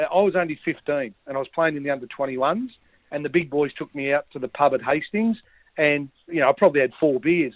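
A man's voice: a little high, no room sound. Australian man on a tinny line. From Victoria, Australia. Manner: rambling, self-mocking anecdotes. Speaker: podcast co-host. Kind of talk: casual storytelling chat.

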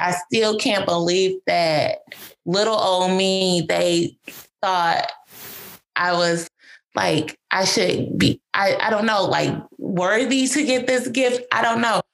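A woman's voice: medium pitch, gravelly. A woman guest telling a personal answered-prayer story in a casual, emotional, rambling way, with a lot of "like". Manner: emotional, rambling, heavy use of "like".

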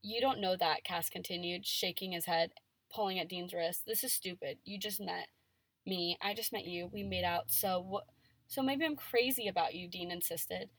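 A woman's voice: fairly low pitch, normal speed, a bit bright, no echo. Chatty woman reading aloud, dry close mic. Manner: reads dialogue with playful emphasis, chatty with many "like"s. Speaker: podcast co-host reading fan fiction aloud. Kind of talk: casual chat and reading aloud.

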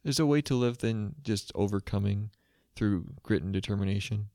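A man's voice: on the low side, moderate pace, a little mellow, dry recording, clean studio sound. A young man co-hosting a podcast, talking casually in a thoughtful, hesitant way as he searches for words. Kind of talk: casual conversational chat.

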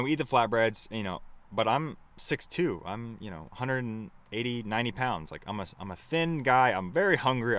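A man's voice: low voice, fairly bright tone. A young man telling a road-trip story in a loose, rambling way, swearing often and laughing at himself. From United States. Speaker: vlogger. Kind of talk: casual storytelling to camera.

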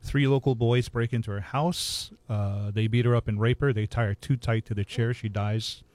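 A man telling local ghost stories in a relaxed, measured way, matter-of-fact about the details. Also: mid-range voice. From Hawaii. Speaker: ghost storyteller guest. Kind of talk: casual ghost storytelling.

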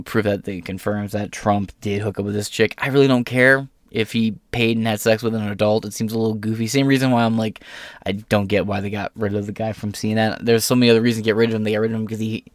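A man's voice: on the low side, a little fast, dry recording, studio quality. A young man hosting casual news commentary, reading out articles with irreverent, sarcastic and profane asides. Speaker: host.

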